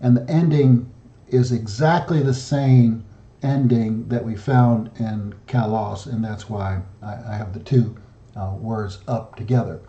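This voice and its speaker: A man leading a study group, talking slowly and methodically through slides and reading word forms aloud. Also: fairly low pitch, steady tone, mellow. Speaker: founder and study group leader. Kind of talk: solo language lesson over slides. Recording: dull lo-fi audio in an echoey room.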